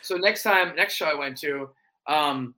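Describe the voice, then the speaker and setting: A young man telling stories in a casual chat, animated and quick to slip into wrestler impressions. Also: on the high side. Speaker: cosplayer guest.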